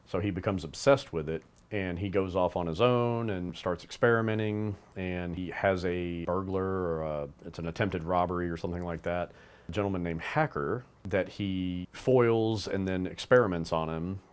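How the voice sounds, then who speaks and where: A man's voice: low-pitched, moderate pace, clear, resonant tone. A man co-hosting, talking casually about a cartoon and its toys, rambling with fillers and restarts. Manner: rambling, with fillers and restarts, acts out bits of dialogue.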